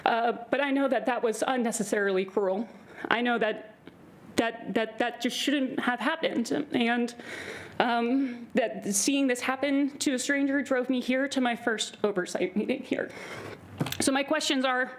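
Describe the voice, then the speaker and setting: Nervous woman giving public comment. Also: high-pitched. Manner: nervous, halting, earnest. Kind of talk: public comment at a board meeting.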